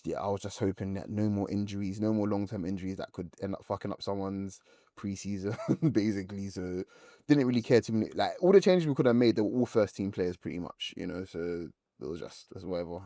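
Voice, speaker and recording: Fast-talking low-voiced man analyzing football. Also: warm tone, no room sound, studio quality. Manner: quick, restarts, fillers like kind of thing. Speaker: podcast regular, called coach.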